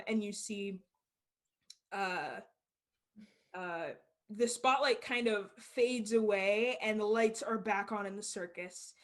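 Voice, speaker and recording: Chatty woman running a tabletop game. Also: medium pitch. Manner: casual, filler-heavy narration. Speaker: game master.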